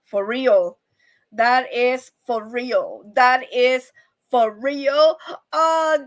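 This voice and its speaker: A woman's voice: sits high, drawn-out words. A bubbly, effusive woman hosting a casual live stream and chatting with viewers. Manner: bubbly and effusive, with frequent laughs. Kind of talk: casual live chat reading viewer comments.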